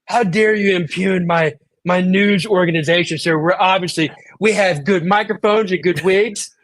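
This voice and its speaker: A brash, foul-mouthed woman TV reporter, played by a man in a podcast comedy bit. The voice sits fairly high and the insults come out crude and mocking. The sound is dry and close to the mic. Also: normal speed, a bit bright, no room sound. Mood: indignant. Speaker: podcast co-host.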